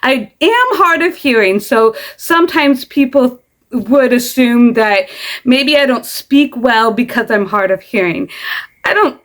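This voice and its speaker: A woman's voice: a little high, animated, a little slow, fairly bright tone. A woman with an American Midwestern accent, earnestly explaining herself in a casual vlog, sometimes stumbling over her words. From Midwestern United States. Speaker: content creator.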